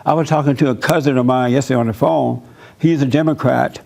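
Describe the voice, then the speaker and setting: A man's voice: medium pitch, steady tone, quick pace, vocal fry, darkish tone. A man pastor giving a conversational church sermon, speaking emphatically and laughing between points.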